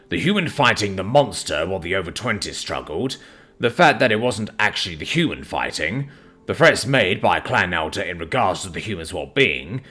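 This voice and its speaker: Low, animated male story narrator. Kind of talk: scripted fantasy narration.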